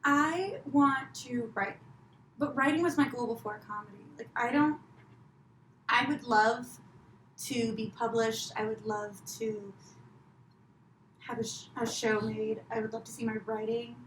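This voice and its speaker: A chatty, self-deprecating woman comic with a slightly high voice, talking loosely as a podcast guest. The sound is roomy with a faint hiss behind her. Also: unhurried, pauses often, a bit bright. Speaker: guest comedian. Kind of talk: casual podcast chat.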